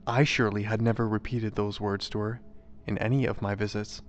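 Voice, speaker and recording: A man, a chaplain, reading a devotional story aloud in a measured, even way. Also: lowish voice. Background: soft background music.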